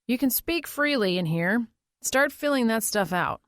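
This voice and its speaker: A woman's voice: fairly high pitch, expressive, a little slow, a bit bright, dry recording, voice pushed up. Woman doing a stern bossy lawyer guy, barks orders like a drill sergeant, dry audiobook. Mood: stern, commanding. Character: gruff stern male defense attorney, commanding.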